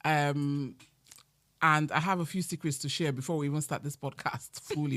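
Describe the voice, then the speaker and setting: A woman's voice: deep voice, steady tone, a little fast, slight background noise. A woman from Nigeria hosting a casual podcast chat, laughing often. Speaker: podcast host. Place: home in the UK.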